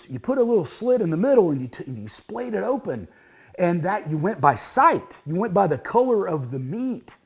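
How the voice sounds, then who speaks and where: Animated, folksy storytelling man. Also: high voice, breathy edge. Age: 50s. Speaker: cooking show host. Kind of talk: casual storytelling cooking tip.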